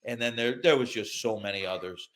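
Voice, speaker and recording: An older man from upstate New York, an author telling lively childhood anecdotes in a podcast interview. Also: medium pitch, a little fast. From upstate New York, USA. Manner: lively anecdotes, acts out quoted voices, laughs through punchlines. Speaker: author and guest.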